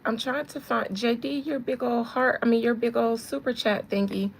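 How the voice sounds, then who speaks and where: A woman's voice: fairly high pitch, steady tone, normal speed, a little hiss or hum, rough recording. A woman in her thirties reading tarot on a casual livestream, chatting with viewers and laughing often. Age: 30s. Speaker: tarot reader.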